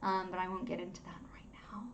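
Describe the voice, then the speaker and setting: A woman's voice: fairly low pitch, level tone, fast, muffled recording, a little hiss or hum. Rambling, chatty woman. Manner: rambling, chatty, laughing often. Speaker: content creator teaching video editing. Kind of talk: casual screen-recording tutorial.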